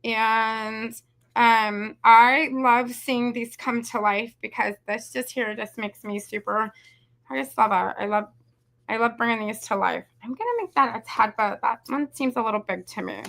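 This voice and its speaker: A woman's voice: a little high, steady tone, unhurried, vocal fry, a bit bright. A woman, chatting casually and rambling as she hosts a craft tutorial. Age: 40s. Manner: chatty, rambling, says "y'all" and "you guys". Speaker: craft video host.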